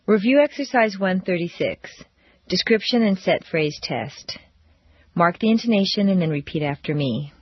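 Woman, pronunciation teacher, slow deliberate drill reading, lively intonation, dull lo-fi sound. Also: fairly low pitch, husky, no echo. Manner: slow, deliberate, carefully stressed phrases.

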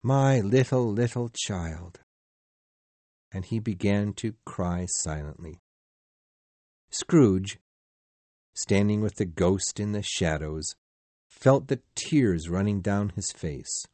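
A man narrating a storybook in a slow, measured, expressive way. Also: deep voice, no echo. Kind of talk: storybook reading.

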